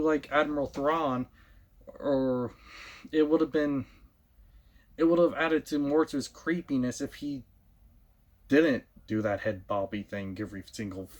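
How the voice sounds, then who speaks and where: A man giving a casual opinion rant as a show host, blunt and repetitive, often restarting his sentences. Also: medium pitch.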